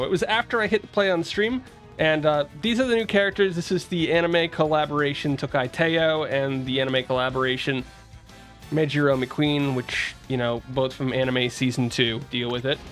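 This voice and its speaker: Faint music plays behind a young East Coast American man as he chats on a relaxed livestream, greeting viewers and reading their messages out. He has a slightly high, somewhat bright voice.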